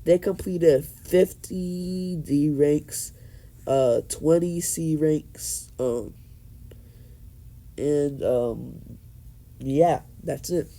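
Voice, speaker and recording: A man's voice: on the high side, drawn-out words, pauses often, warm tone, rough recording. A man voicing an old village leader patiently explaining, with many fillers, in a fan story.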